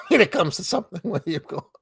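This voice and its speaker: A man's voice: sits high, sing-song, gravelly, fairly bright tone, husky, no echo. A man co-hosting a casual chat over a video call, mocking adverts and laughing often. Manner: dry, mocking, quick to laugh. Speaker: podcast co-host. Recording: dry close sound.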